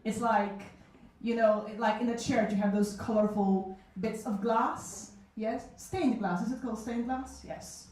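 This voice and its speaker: A woman's voice: on the high side, fairly even intonation, a little slow, hardly any pauses, darkish tone. Frank, self-mocking woman in her thirties. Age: 30s. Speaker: solo show performer telling stories. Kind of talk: comic storytelling at a live event. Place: small cafe event room. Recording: echoey room from a distance.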